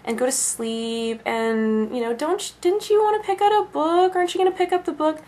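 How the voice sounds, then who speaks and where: A woman voicing a spacey hippie mother who coaxes her child in a soft, vague way. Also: high voice, fairly quick, voice pushed up, close to an everyday voice. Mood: dreamy coaxing. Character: spacey, permissive hippie mother, coaxing softly.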